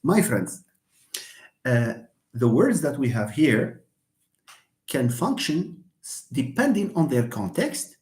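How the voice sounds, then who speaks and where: Male english teacher, live lecture, slow delivery, repeats words aloud, roomy echo. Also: medium pitch, very animated, darkish tone.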